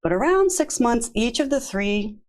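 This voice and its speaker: A woman guest on a podcast, a yoga therapist, telling her story in a warm, chatty way and laughing easily. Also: fairly high pitch, very animated, normal speed, poor audio. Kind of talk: casual interview.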